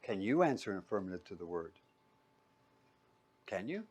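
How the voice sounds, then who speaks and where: Man, pastor, sermon, call-and-answer questions, loud emphatic bursts, hushed low asides. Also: sing-song, normal speed, slightly rough. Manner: asks the room questions and answers them himself; swings between loud emphatic peaks and quiet low asides.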